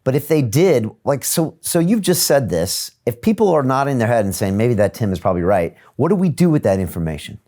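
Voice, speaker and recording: A man hosting an interview, asking measured, probing questions. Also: mid-range voice, big pitch swings, dark tone. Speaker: podcast host.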